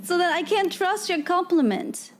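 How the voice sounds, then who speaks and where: High-voiced woman chatting on stream. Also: moderate pace, a little hiss or hum. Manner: chatty, laughs often, reacts to chat; lots of "like" fillers and restarts. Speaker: VTuber streamer. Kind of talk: casual live-stream chat.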